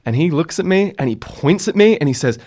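A man's voice: on the high side, expressive, fairly quick, a little mellow. A young man, telling a story in a rambling casual podcast chat. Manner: rambling, lots of "like", laughs while telling. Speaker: podcast host.

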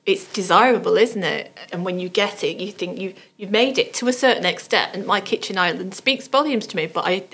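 A woman's voice: mid-range voice, a little fast, hardly any pauses, fairly bright tone. Candid woman co-hosting a podcast. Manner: candid, self-deprecating. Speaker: career consultant, co-host. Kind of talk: conversational podcast chat.

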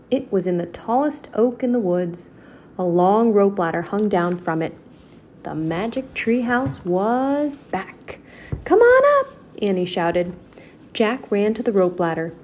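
A woman reading a children's chapter book aloud in a steady, clear storytelling voice. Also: medium pitch, unhurried, a little hiss or hum.

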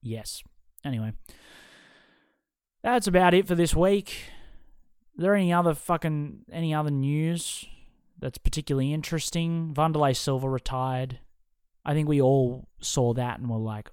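A young male podcast host with a fairly high voice goes on a heated, profanity-heavy rant. The sound is dry and close, with no room around it. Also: a little slow, long pauses, darkish tone, smooth, dry recording.

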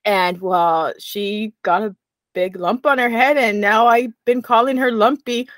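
A woman's voice: a little high, unhurried, a bit bright, dry recording. A young woman co-hosting a podcast, chatting casually and telling a rambling story while laughing easily. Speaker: podcast co-host. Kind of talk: casual chat.

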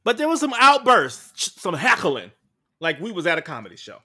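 A man co-hosting a podcast, sassy and animated in casual chat, quick to call people names. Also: high-pitched. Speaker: podcast co-host.

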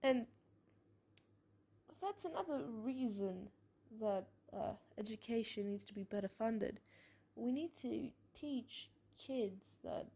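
A young woman hosting a podcast, telling personal stories in a frank, expressive way, with swearing and small laughs. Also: on the high side, slow pace, gravelly, slightly rough. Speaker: podcast host. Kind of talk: candid personal monologue.

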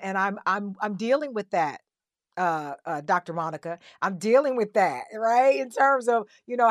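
A middle-aged woman interviewing a guest in casual conversation, telling animated stories and acting out the people she quotes. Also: mid-range voice, no echo, studio quality. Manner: animated storyteller, breaks into voices when quoting.

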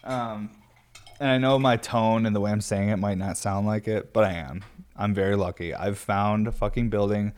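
Man, lowish pitch, stressed small-business owner talking off the cuff, filler-heavy, curses freely. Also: fairly even intonation, a little fast, a little mellow, smooth. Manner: rambling, many fillers, swears freely. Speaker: glass studio owner. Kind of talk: candid casual vlog talk.

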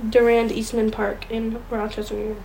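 High-voiced young woman reading ghost stories. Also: monotone, moderate pace, gravelly, darkish tone, a little hiss or hum, low-quality recording. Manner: chatty, stumbles over words while reading. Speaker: podcast co-host. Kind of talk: casual chat, reading ghost stories aloud.

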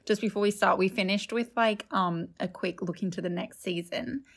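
A woman with a slightly gravelly, creaky voice, talking casually as a podcast co-host. She gossips chattily, trailing off and restarting her thoughts. Her pitch sits in the middle. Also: normal speed. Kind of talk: casual chat.

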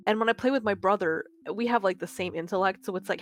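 A woman's voice: medium pitch, fast talker. A young woman co-hosting a casual gaming podcast, joking about herself, swearing freely and laughing. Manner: self-deprecating, sweary, laughing. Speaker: podcast co-host. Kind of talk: casual chat.

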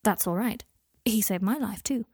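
A woman voicing an isolated, blunt young man in an audiobook reading, with a breathy voice. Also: mid-range voice, normal speed, darkish tone, dry recording, clean studio sound, lightly acted. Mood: plain.

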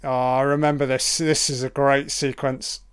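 A man giving a casual, profane running commentary on a film, reacting loudly to what is on screen. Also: mid-range voice, level tone, normal speed, clean tone.

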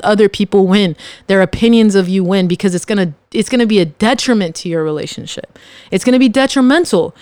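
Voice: medium pitch, clean tone, no echo. A podcast host giving a casual motivational monologue, speaking straight to the listeners and repeating phrases for punch. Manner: addresses listeners directly.

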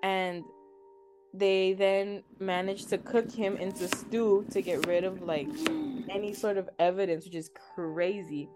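A woman's voice: mid-range voice, steady tone, a little slow, over loud music. A young woman, co-host of a podcast, casually retelling a tale with lots of filler words. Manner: chatty, filler-heavy retelling. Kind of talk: casual storytelling.

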